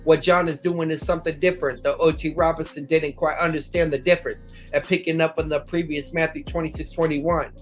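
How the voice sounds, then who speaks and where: A man's voice: fairly high pitch, little pitch movement, fairly quick, few pauses, faint music behind. A man lecturing on scripture, working methodically through passages and citing chapter and verse as he explains them. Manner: methodical, cites verse numbers, quotes passages aloud. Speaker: Bible teacher.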